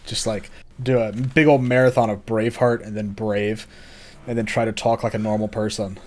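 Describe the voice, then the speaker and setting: A man from Alabama co-hosting a casual podcast. He talks in a laid-back, rambling way, often trailing off quietly. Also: lowish voice, little pitch movement, normal speed. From Alabama, USA. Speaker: podcast co-host.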